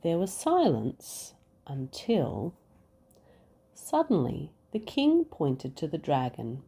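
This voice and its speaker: A woman reads a bedtime story aloud to her children, slow and expressive. Her voice is low and mellow with a lively, swooping melody and a husky edge. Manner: expressive, acts out sound effects. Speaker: mother reading to her children.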